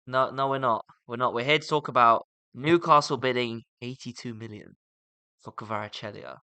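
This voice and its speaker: A young man co-hosting a football podcast, upbeat and steering the chat with quick questions. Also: medium pitch, bright, forceful tone, smooth, no echo. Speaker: podcast co-host.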